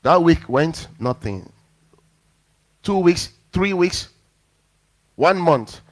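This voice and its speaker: Animated male pastor telling a story. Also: on the high side, drawn-out words. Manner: animated storyteller acting out quotes. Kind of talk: sermon with personal storytelling.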